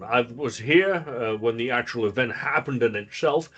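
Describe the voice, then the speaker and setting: A man's voice: mid-range voice, normal speed, hardly any pauses, a bit bright, breathy edge, lo-fi sound, faint music behind. A man playing a tabletop role-playing game, chatting and working out his dice rolls aloud. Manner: chatty, works through dice rules aloud. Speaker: player. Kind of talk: casual tabletop play.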